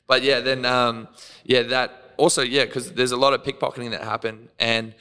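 An Australian guy with a bright, crisp voice tells wild stories on a podcast. He swears freely, laughs a lot and acts out every quote. A long reverb trails behind his voice. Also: mid-range voice, moderate pace. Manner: animated, profane, laughs often, acts out quotes. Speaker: podcast guest. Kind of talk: casual storytelling.

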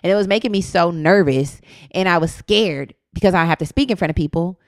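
A woman's voice: fairly low pitch, fairly quick, dry recording, studio quality. A woman co-hosting a podcast in casual chat, candid and reflective, swearing freely and often quoting her own thoughts aloud. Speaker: podcast co-host.

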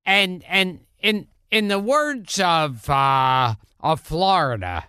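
A man's voice: high-pitched, lively intonation, takes it slowly, sharp tone, clear, resonant tone, dry recording, clean studio sound. A man co-hosting a podcast, chatting casually and teasing the guests. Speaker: podcast co-host. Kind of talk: casual chat.

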